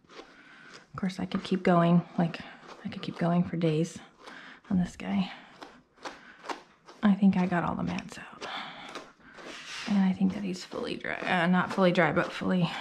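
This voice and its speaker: A woman's voice: mid-range voice, creaky, background noise. A young woman dog groomer chatting casually as she works on a dog, a little out of breath. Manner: chatty, thinks aloud, coos at the dog. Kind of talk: casual grooming vlog narration. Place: grooming salon.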